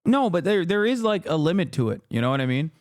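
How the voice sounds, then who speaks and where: A man rants in angry, emphatic commentary, swearing freely. His voice sits somewhat high. The sound is close and dry, with no room around it. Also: very animated, fast talker, darkish tone, no echo. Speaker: streamer reacting to clips. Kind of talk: heated commentary.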